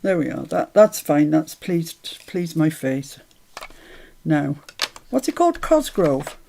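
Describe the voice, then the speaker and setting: A woman's voice: deep voice, sing-song, takes it slowly, creaky, mellow, slight background noise. A woman hosting a live crafting stream, chatty and self-mocking, often laughing at herself.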